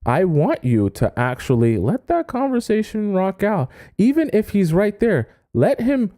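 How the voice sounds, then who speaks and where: A man giving dating advice on a live stream, animated and often acting out quoted voices. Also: mid-range voice. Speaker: dating coach.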